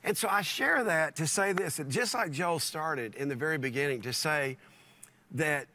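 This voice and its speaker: Animated bright-voiced male pastor. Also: on the high side, moderate pace, no echo. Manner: animated, repeats words and restarts often. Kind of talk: storytelling in a conversation.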